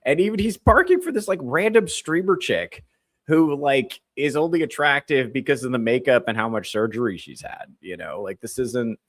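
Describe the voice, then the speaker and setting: A man's voice: medium pitch, animated, normal speed, no echo. A man hosting a comedy podcast, ranting with crude, sarcastic mockery. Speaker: podcast host. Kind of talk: comedic commentary rant.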